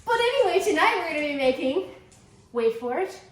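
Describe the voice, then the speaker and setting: A bubbly young woman hosts her cooking vlog from a home kitchen, her high voice bouncing around an echoey room. She rambles excitably and chats casually with her guest. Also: a little fast. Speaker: cooking channel host.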